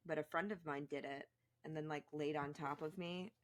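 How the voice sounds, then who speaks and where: A woman's voice: low voice, fairly even intonation, normal speed. A woman guest on a podcast, speaking in a candid, reflective, chatty way. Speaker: podcast guest, co-host of another show. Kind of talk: podcast conversation.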